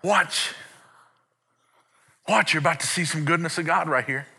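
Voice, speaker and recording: A middle-aged man, preaching a sermon in a church, playful and animated, with sung and acted-out bits. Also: a little high, normal speed, gravelly, breathy edge. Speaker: pastor. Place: church sanctuary.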